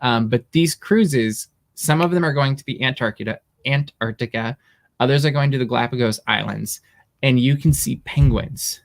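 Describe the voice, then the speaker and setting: A man's voice: mid-range voice, moderate pace. A man co-hosting a podcast in casual chat, rambling with lots of fillers. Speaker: podcast co-host.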